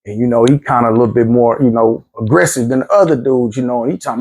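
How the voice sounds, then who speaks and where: A man's voice: medium pitch, fast, few pauses, a little mellow. A middle-aged man candidly recounting his own past in a plainspoken, street-casual way, often repeating himself. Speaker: former prisoner telling his story. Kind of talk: candid storytelling monologue.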